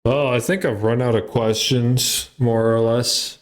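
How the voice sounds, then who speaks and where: A blunt man in casual podcast chat who swears freely. He speaks slowly, at a middle pitch, mostly in short reactions. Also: fairly even intonation.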